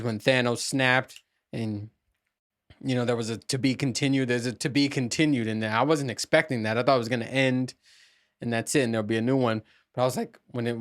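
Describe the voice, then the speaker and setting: A man hosting a casual solo podcast monologue, rambling with restarts and frequent swearing. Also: medium pitch. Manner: profane, rambling, with many restarts. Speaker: podcast host.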